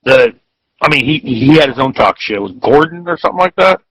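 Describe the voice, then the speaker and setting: A man's voice: mid-range voice, animated, a little fast, fairly bright tone, dry recording, rough recording. A man, co-hosting a podcast in loose casual chat full of fillers. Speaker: podcast co-host. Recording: dry close sound.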